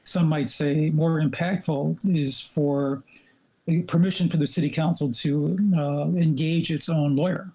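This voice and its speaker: A man's voice: fairly high pitch, steady tone, a little slow, creaky, warm tone, low-quality recording. A man reporting on city council meetings in a podcast chat, explaining things methodically with a wry edge. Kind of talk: podcast discussion.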